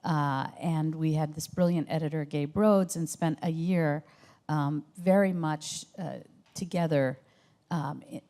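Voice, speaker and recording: A woman director talks through her documentary in an interview, her voice low and mellow. She speaks thoughtfully, pausing often with fillers and restarting phrases as she searches for words. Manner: thoughtful, hesitant with many fillers. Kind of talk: interview conversation.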